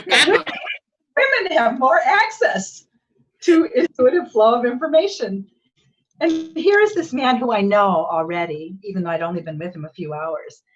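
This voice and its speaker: Woman, gentle storytelling, unhurried, heard from back from the mic, muffled sound. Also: on the low side, distant mic. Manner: gentle, unhurried, acts out quoted dialogue. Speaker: guest speaker. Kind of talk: reflective storytelling.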